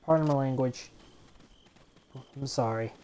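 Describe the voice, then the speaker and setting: Low-voiced, cursing woman gamer. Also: dark tone. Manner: swears a lot, quickly exasperated. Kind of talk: let's play commentary.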